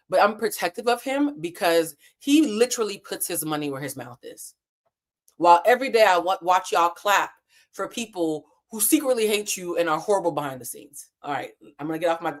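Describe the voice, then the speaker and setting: Woman host in her thirties, low-pitched, candid and animated, swears, casual live chat from a hotel room. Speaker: livestream host.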